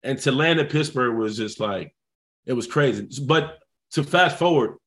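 Animated storytelling man, lively voice. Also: mid-range voice, moderate pace. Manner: animated, swears freely, acts out quotes. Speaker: guest, former football player. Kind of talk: casual storytelling.

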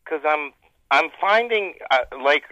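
A male caller on a phone line talks slowly and stumbles over his words. His voice is bright and smooth, and it comes through dry and close. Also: a little high, expressive, dry recording. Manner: halting, stammering. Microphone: phone call.

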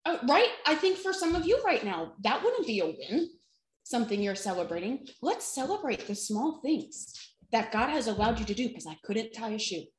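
A woman's voice: on the high side, big pitch swings, normal speed, roomy sound, rough recording. A woman fitness trainer giving an earnest, encouraging faith-based talk to camera, with self-deprecating asides.

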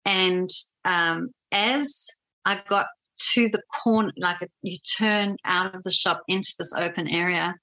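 A woman casually telling her personal faith story as a guest, animated, with frequent laughs and many fillers. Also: fairly low pitch, a little slow, poor audio.

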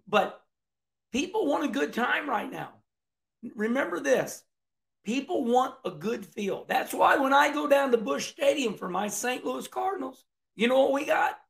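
A middle-aged man, a racing commentator, delivering an emphatic, fired-up rant to camera with loud whoops. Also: high-pitched, vocal fry.

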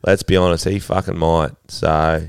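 A man doing a foul-mouthed English bloke who rambles, swears and fumbles for words in a raised, lively voice. He sounds clear and smooth, close and dry. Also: deep voice, moderate pace, no room sound, voice pushed down. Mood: crude, rambling. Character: crude rambling English man, a brother giving bad news. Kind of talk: improvised comic voicemail bit.

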